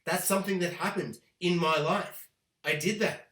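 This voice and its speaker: A man gives a ranting spoiler review of a TV show in an animated, profane, exaggerated way. His voice is high and bright. It sounds echoey, as in a bare room. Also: normal speed. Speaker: TV review host.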